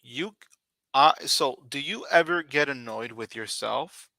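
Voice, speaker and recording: A man teaching an English conversation lesson, slowly repeating each question and model answer. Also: medium pitch, gravelly, sharp tone, no room sound.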